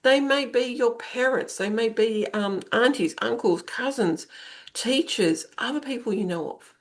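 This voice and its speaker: A woman's voice: a little high, a little slow. A middle-aged woman hosting a podcast, talking through self-help ideas in a conversational coaching manner and repeating phrases for emphasis. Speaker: podcast host and intuitive coach. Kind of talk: spoken self-help monologue.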